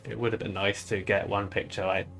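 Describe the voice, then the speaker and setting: A man's voice: fairly low pitch, level tone, a little fast, creaky, a bit bright, faint music behind. A young British man chatting casually on a live stream, loose and swearing often with laughing asides. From United Kingdom.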